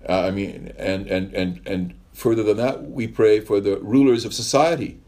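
A man's voice: on the low side, moderate pace, mellow. A male pastor giving a conversational sermon, telling stories in a rambling way with wry asides.

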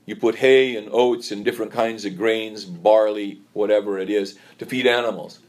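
Halting low-voiced man preaching. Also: fairly even intonation, darkish tone. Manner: halting, repeats words, storytelling. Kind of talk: sermon.

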